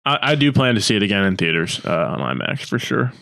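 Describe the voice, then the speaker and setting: A man's voice: on the low side, sing-song, vocal fry, bright, forceful tone, dry recording, clean studio sound. A man co-hosting a casual podcast, rambling with lots of filler words and laughing easily. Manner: easygoing, rambling, quick to laugh, filler-heavy. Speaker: podcast co-host.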